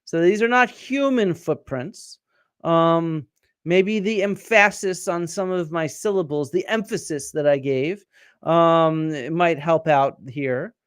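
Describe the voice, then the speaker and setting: A man's voice: a little high, takes it slowly, clear, resonant tone, no room sound. Middle-aged guy hosting a science livestream, quizzing chat, lots of ums and restarts, dry close sound. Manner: explanatory, quizzing the audience, many fillers and restarts. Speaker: archaeologist and show host. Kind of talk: live-stream science chat with viewer comments.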